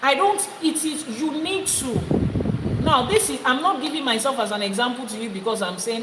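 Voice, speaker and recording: A woman's voice: sits high, normal speed, reverberant, in a large hall, heavy background noise. A woman, a priestess giving a spiritual teaching talk, stressing her points by repeating phrases. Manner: emphatic, repeating phrases for effect.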